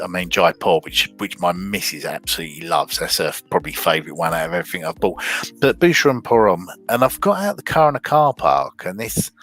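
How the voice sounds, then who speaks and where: A middle-aged man talks casually, his voice sitting very low. He rambles, stumbles over restarts and fills gaps with ums. Faint music plays underneath. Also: a bit bright. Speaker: co-host. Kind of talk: casual chat.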